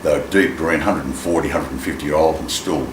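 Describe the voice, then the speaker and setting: A man telling a personal story in an animated way, acting out the voices in it. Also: a bass voice, fairly quick. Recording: echoey room with clear ambient noise.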